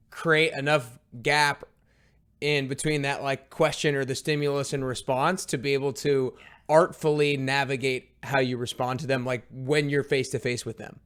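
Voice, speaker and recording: A male podcast host asks long, meandering questions in a casual interview. His voice is smooth and clear, with a middle pitch. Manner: rambling, hesitant questions with restarts.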